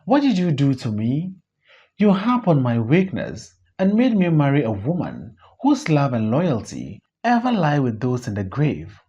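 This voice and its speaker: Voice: medium pitch, wildly swooping pitch, a little slow, mellow, husky, full character voice. A reader voicing a fiery young male leader who speaks in a commanding, preaching way, on a dull lo-fi recording. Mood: defiant.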